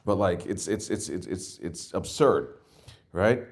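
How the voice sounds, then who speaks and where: This open-mic stand-up in his forties has a low, unhurried voice with vocal fry. He rambles and swears through animated stories, often starting over mid-thought.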